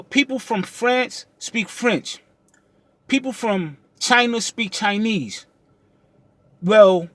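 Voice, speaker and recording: A man's voice: high-pitched, a bit bright, no echo. A young man from the United States, a trucking vlogger, speaking in a heated, confrontational unscripted rant, with frequent restarts and repeated check-ins with the listener. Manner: heated and confrontational, many restarts and repeated "you understand what I'm saying".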